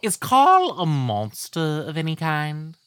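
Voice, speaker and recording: A woman's voice: deep voice, wildly swooping pitch, takes it slowly, clean tone, no room sound, full character voice. A woman voicing a sarcastic, bumbling cartoon adventurer who trades dry wisecracks. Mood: wisecracking.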